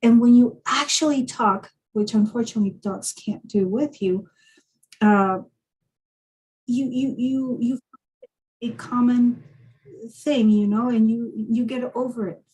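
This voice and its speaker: Soft-voiced woman telling a reflective story. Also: fairly high pitch, measured pace, pauses often, low-quality recording. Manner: reflective storyteller, many restarts. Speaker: guest. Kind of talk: casual conversation. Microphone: video call.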